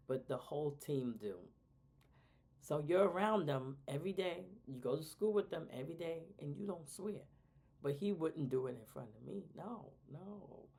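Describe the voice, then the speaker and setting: A middle-aged woman, co-host of a talk show, giving casual advice about raising children and acting out quoted talk in lively voices. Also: fairly low pitch, creaky. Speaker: podcast co-host.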